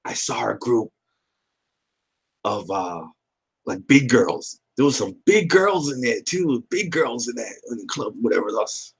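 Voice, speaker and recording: A man's voice: medium pitch, very animated, a little slow, creaky, slightly rough. Rambling, profane man. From Boston area. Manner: rambling, profane, reads out chat comments. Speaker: livestream host. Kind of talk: casual livestream chat.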